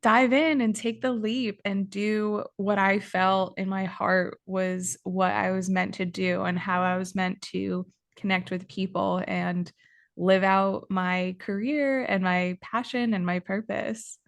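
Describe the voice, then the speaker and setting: A woman's voice: medium pitch, level tone, takes it slowly, creaky. A woman hosting a podcast, speaking in a reflective, supportive way with a casual tone and frequent use of "like". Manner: reflective, supportive, uses "like" often. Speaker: podcast host, dietitian.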